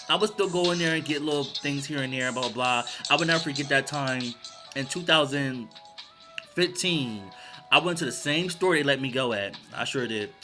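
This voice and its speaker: A man's voice: on the high side, pushed and bright. A man vlogging a loose, digressive storytime, full of fillers and asides, as the channel's host. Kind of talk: rambling storytime monologue. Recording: music playing underneath.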